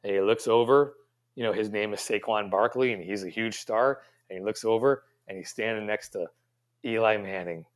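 A man's voice: fairly low pitch, normal speed. A middle-aged man, a pastry chef guest, answering interview questions in a rambling, reflective way with many fillers and restarts.

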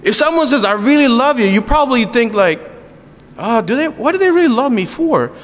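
Pastor guy w a high voice, earnest sermon, jokes around w the church, long hall echo. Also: big pitch swings, brisk. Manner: earnest, with asides and jokes to the congregation.

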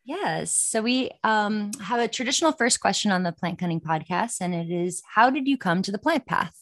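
A woman's voice: mid-range voice, expressive, normal speed, fairly bright tone, no echo, studio quality. A woman hosting a podcast, earnestly welcoming her guest and asking the show's opening question. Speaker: podcast host. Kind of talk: scripted interview introduction.

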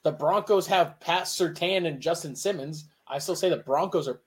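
A man co-hosts a casual sports podcast with a fairly high voice. He argues hard, repeating his lines for emphasis. His talk is loose and opinionated. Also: normal speed. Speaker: podcast co-host.

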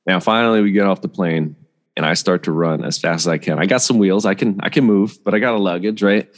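A man's voice: sits low, fast, long reverb tail. A man casually telling a long, rambling travel story as a podcast host, full of fillers and asides.

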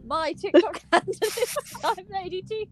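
A woman's voice: very high voice, normal speed, over music. A woman guesting on a casual podcast call, jokey and giggly. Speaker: guest, cosplayer.

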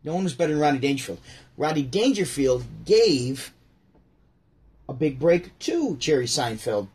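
Rambling man with a husky voice. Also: a little high, darkish tone. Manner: rambling, lots of restarts and asides. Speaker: show host. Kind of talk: casual chat about comedy. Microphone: home setup near a window.

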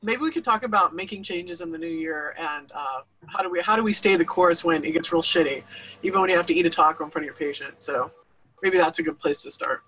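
A woman's voice: fairly low pitch, fast, husky, low-quality recording. A woman chatting casually and animatedly, acting out the noises she describes. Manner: animated, imitates sounds. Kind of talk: casual chat.

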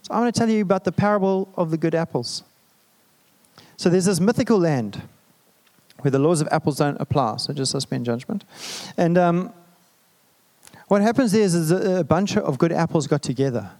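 A male pastor delivers a sermon in a relaxed, chatty way. He jokes and makes asides to the listeners, and his voice sits a little high for a man. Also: moderate pace. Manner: conversational, humorous preaching with asides.

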